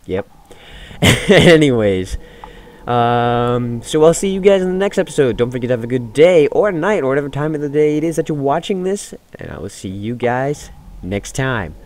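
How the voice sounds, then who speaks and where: A man's voice: medium pitch, sing-song, normal speed, darkish tone. A man giving rambling, jumpy commentary on a horror game he is playing, yelping when startled. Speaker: gaming YouTuber. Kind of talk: let's play commentary.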